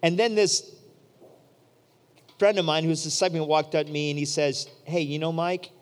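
A man preaching a storytelling sermon, animated and acting out the voices of people in his story. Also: on the high side, normal speed. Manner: animated, acts out quoted voices. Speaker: pastor. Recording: long hall reverb.

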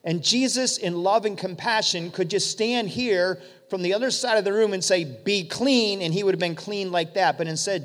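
A man preaching a sermon, retelling stories vividly and speaking directly to his congregation. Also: on the high side. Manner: vivid storytelling, addresses the congregation. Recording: long hall reverb.

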